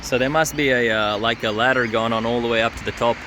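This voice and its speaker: A man, filming a relaxed travel vlog outdoors on a beach with a handheld phone, chatting and swearing mildly. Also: mid-range voice, fast talker. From Uzbekistan. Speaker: vlogger touring with his father. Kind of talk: casual travel vlog narration. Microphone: handheld phone camera. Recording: noisy outdoor phone recording.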